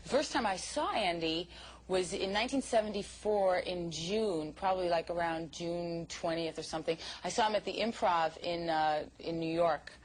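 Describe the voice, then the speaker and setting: A woman's voice: on the low side, normal speed, rough recording. A woman in a documentary interview, reminiscing with amusement and laughing as she talks.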